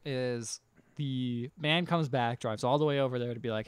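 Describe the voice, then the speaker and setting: A man's voice: medium pitch, moderate pace, clean tone, dry recording. A man with an American accent co-hosting a podcast, casually retelling a film and acting out the characters' lines. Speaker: podcast co-host. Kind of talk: casual chat, recapping a film.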